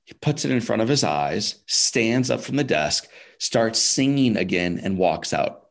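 A man's voice: on the low side, very animated, a little slow, gravelly. A man guest on a podcast, telling a personal story in a casual, emphatic way, dropping "like", "man" and "dude" and sometimes repeating words. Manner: repeats words when emotional.

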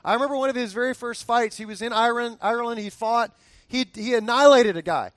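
Man, pastor, high voice, dry close sound, joking, stumbles over words, calls on the congregation. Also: fast, no echo. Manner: conversational and humorous, stumbles and repeats words; animated, asks the audience to answer aloud. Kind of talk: sermon.

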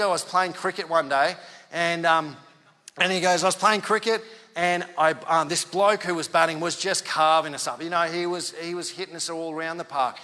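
A man's voice: on the high side, brisk, in a large hall. A male pastor, telling a story in a conversational sermon and acting out the dialogue. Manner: animated, conversational, acts out quoted dialogue.

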